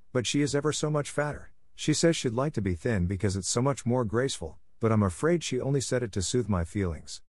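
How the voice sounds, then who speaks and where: A man voicing an excitable, chatty orphan girl who gushes eagerly and breathlessly. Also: fairly low pitch, no room sound, studio quality.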